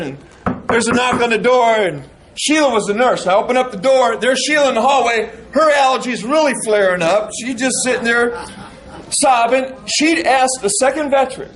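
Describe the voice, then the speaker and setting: A middle-aged man giving an animated storytelling speech to an audience of veterans, acting out the dialogue he recounts. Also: very high-pitched, poor audio. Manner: animated, acts out quoted dialogue. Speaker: speaker addressing veterans.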